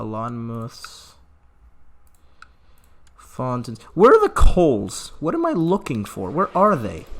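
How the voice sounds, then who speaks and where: A man giving playful, sarcastic let's-play commentary on a strategy game, slipping into drawn-out mock grief and quick asides to his viewers. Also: medium pitch, vocal fry, fairly bright tone. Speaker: gaming channel host.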